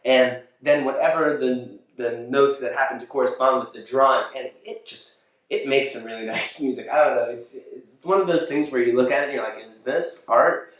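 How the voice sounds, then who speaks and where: A man's voice: mid-range voice, steady tone, brisk, a bit bright. A man hosting a home talk show in his apartment, delivering a casual monologue that rambles, corrects itself and breaks into chuckles mid-sentence. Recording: very echoey room, mic far off.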